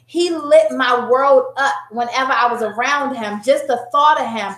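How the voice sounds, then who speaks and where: A woman in her thirties recounts a personal story before a live audience in an echoey room. Her voice sits high, and her telling is animated and chatty, with laughter spilling in. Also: normal speed. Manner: animated, conversational, breaks into laughter. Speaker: guest sharing a personal story.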